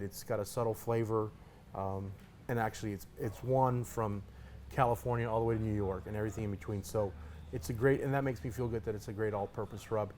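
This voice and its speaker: A man who is a competition pitmaster talks in a rapid, punchy rush. He repeats words when he gets excited and drives every point home. Faint noise sits under his voice. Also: lowish voice. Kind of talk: casual interview talk.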